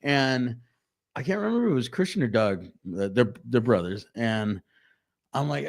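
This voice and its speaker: A man co-hosting a podcast, telling stories in casual chat with lots of swearing and halting restarts. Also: medium pitch, creaky. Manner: animated, profane storytelling with halting restarts. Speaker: podcast co-host.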